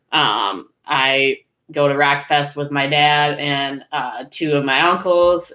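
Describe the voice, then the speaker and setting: A woman's voice: sits low, sharp tone. A young woman co-hosting a podcast, telling a story at an easygoing pace with many "um"s. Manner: slow, easygoing, with many "um"s and quick back-channel "mm-hmm"s. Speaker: podcast co-host. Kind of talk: casual storytelling. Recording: roomy, echoey mic.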